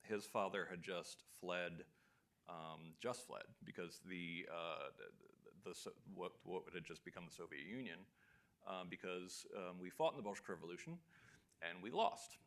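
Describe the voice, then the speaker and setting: A middle-aged man speaking as a guest onstage, halting and full of restarts and repeated words. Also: low voice, a bit bright. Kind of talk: onstage conversation. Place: lecture hall before a live audience.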